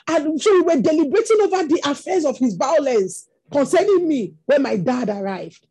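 High-voiced Nigerian woman preaching. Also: animated, normal speed, warm tone. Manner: storytelling, rising to impassioned exclamations. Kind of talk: sermon.

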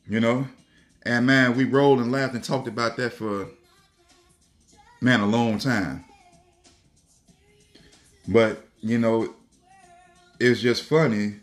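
A man rambles through a profane story in a loose podcast chat, laughing and circling back on his own words. His voice sits at an ordinary middle pitch, and faint music plays underneath. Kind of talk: casual storytelling rant.

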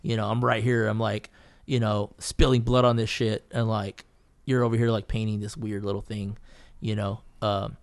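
A man's voice: fairly low pitch, little pitch movement, moderate pace, hardly any pauses. A man, a painter and podcast guest, telling a story in casual chat, swearing freely and rambling through fillers and restarts.

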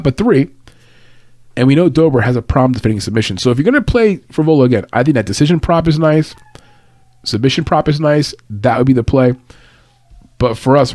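A man's voice: mid-range voice, a little mellow, no echo, studio quality. A man hosting a casual fight-picks show from his computer, loose and conversational, punchy when making his betting picks. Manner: hyped, emphatic and punchy in the picks. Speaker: host giving fight picks and betting tips. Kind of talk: casual podcast breakdown. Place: home office at a computer. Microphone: desk mic, no edits.

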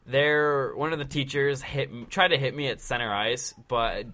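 Teen boy, bright tone, rambling chatty storyteller, casual podcast. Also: medium pitch, normal speed. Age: teens.

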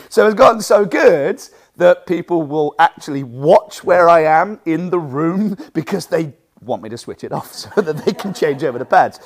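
A man who teaches martial arts, coaching other instructors in a lively teaching talk, projecting his voice and acting out what students say. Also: on the high side, moderate pace. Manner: loud projecting voice from the diaphragm.

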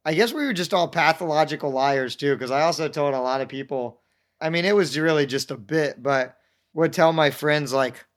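A man's voice: on the high side, normal speed. A young man telling rambling, self-mocking stories in a casual chat, acting out the voices of people he quotes. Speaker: podcast guest telling stories.

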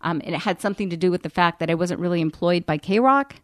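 A woman's voice: on the low side, fast, no echo, clean studio sound. A woman in her forties, a radio personality, telling a story candidly in a podcast interview, chatty and peppered with ums.

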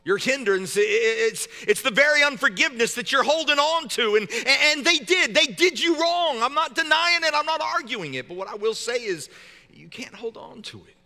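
A man pastor delivers a sermon with a high, very bright and forceful voice. His delivery is casual and joking, full of repeated words and restarts. The sound rings out with the long reverb of a large church hall. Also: animated, normal speed.

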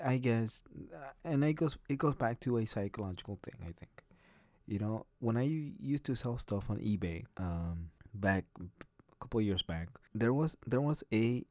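A man's voice: on the low side, a little mellow, dry recording. Guy ranting on his own podcast, swears a lot, keeps restarting sentences, dry close sound. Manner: rambling, blunt and profane, many restarts. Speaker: podcast host. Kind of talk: casual solo podcast monologue.

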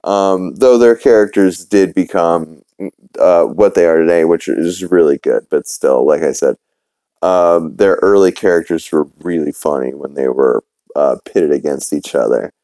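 A man's voice: low voice, measured pace, dark tone, no room sound. A male podcast host casually recapping an episode, rambling along with lots of fillers, restarts and casual swearing.

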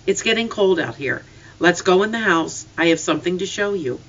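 Steady farm father, read by the narrator, calm and measured, bright voice, distant lo-fi sound. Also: medium pitch. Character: steady rural father, middle-aged, firm and kindly. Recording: slightly distant, dull lo-fi.

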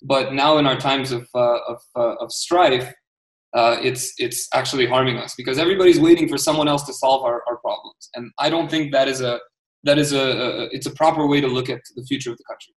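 Emphatic diaspora Armenian man, rapid pace, recorded in a roomy space. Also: medium pitch, fairly even intonation, recorded from a distance. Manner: passionate, emphatic, repeats words. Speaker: guest entrepreneur. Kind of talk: casual interview talk. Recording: roomy, off-mic sound.

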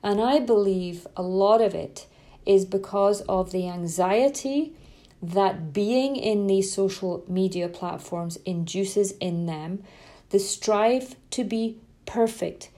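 A woman's voice: medium pitch, slow, mellow. A middle-aged woman talking to parents as a parenting coach, speaking emphatically and repeating words for stress. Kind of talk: earnest spoken talk to parents.

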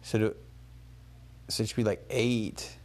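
Young male vlogger, lowish voice, loose rambling travel-diary talk full of fillers. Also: level tone, unhurried, darkish tone. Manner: rambling and conversational, with many fillers and restarts. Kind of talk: casual spoken travel diary.

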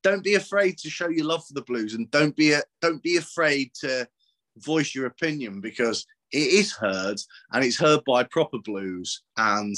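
A man's voice: mid-range voice, animated, moderate pace, a bit bright. A man, talking casually on a podcast, rambling, swearing and laughing often. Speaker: podcast guest.

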